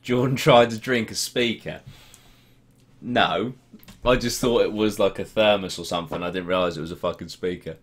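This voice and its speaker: Deep-voiced laddish young Norwich man. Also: normal speed, husky. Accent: English, Norwich. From Norwich, England. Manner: laddish, swearing banter. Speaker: streamer. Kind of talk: casual live-stream chat reading comments.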